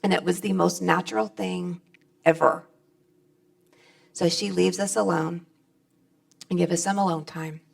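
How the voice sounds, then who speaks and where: A woman's voice: on the low side, steady tone, unhurried, vocal fry, pauses often. A middle-aged woman speaking on stage at a convention, giving a plainspoken, folksy personal testimony.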